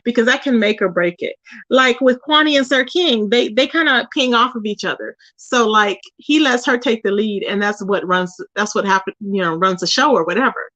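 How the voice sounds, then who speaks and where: With a slightly high voice and a moderate pace, a woman hosts a relaxed YouTube live stream, chatting lively with viewers and reading their comments out loud. She addresses her chat directly, peppering in "child" and "y'all." There's no echo.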